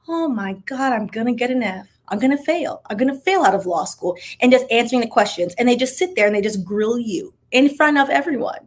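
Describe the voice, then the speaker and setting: A young woman with a slightly high voice tells stories in a casual vlog. She talks in an animated, dramatic way, acting out the voices of the people in her story. She drops in chatty asides as she goes. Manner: animated, dramatic retelling with acted-out quotes; chatty asides, says "child" and "like" often. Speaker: vlogger.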